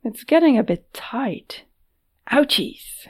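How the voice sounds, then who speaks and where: Woman doing a cheeky high-voiced young warrior. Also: big pitch swings, takes it slowly, slightly rough, exaggerated voice. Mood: flippant. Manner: flippant, joking.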